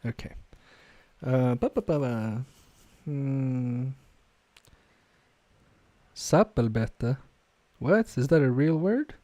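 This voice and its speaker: Easygoing man chatting slowly at his workbench. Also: medium pitch, expressive, warm tone, dry recording. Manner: reads viewer chat aloud, self-mocking, muttering to himself. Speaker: live-stream repair technician. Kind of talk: casual live-stream chat while soldering. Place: home workbench room.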